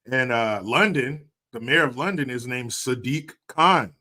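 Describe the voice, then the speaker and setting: A man's voice: medium pitch, lively intonation, unhurried, sharp tone. Jokey, profane man in his forties. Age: 40s. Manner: jokey, profane, laughs often. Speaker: live stream host. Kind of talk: casual live stream chat, reading viewer comments.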